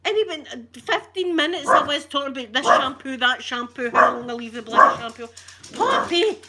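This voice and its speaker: A woman's voice: high voice, brisk, heavy background noise. A Scottish woman chatting on an ASMR live stream, ranting with animation and swearing freely. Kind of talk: casual live-stream chat.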